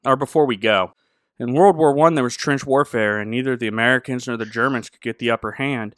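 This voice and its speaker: A man hosting a comedy show, chatting and telling jokes in a playful, animated way. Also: mid-range voice, a little fast, dry recording, clean studio sound. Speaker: podcast host. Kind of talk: comedic chat and joke telling.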